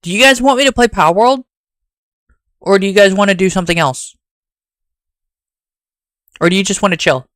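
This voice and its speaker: A rambling streamer with a Southern US accent. He chats casually to his viewers in a fairly high, smooth voice that sounds dry and close. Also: normal speed, long pauses, fairly bright tone, dry recording. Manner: rambling and chatty, talks straight to chat.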